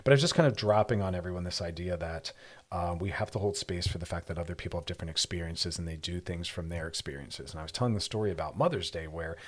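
A man's voice: low voice, quick pace. A man hosting a radio advice show, talking through relationships in a reflective, conversational way with personal stories.

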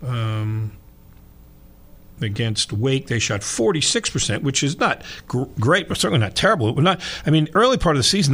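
Exasperated sports radio host, bright voice. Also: male voice, medium pitch, gravelly. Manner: rambling, exasperated, yelling at crew. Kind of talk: casual radio banter. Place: radio studio.

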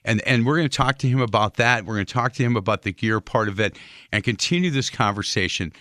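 Male radio host, low and bright, conversational and affirming, dry studio sound. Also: quick pace, no echo. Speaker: radio talk show host. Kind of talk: talk radio interview.

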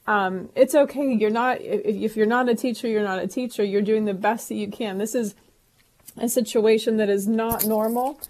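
A woman's voice: medium pitch, fairly even intonation, normal speed, darkish tone. A woman co-hosting a call-in advice show, talking earnestly and reassuringly with frequent restarts. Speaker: co-host. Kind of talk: casual advice talk.

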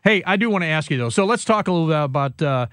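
A man's voice: fairly high pitch, animated, rapid-fire, fairly bright tone, dry recording. Older male host, casual sports banter, teasing, dry mic. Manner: teasing, storytelling, fillers.

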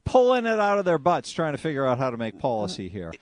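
A man's voice: medium pitch, wildly swooping pitch, quick pace, dry recording, clean studio sound. Exasperated male talk radio host. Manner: wry, exasperated commentary. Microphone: studio broadcast mic.

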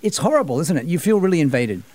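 A man in his fifties co-hosting a radio show, telling a story in a relaxed way with fillers. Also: fairly high pitch, fast, no echo. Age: 50s. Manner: relaxed, frequent fillers and backchannel agreement. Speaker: radio host. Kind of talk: casual radio chat.

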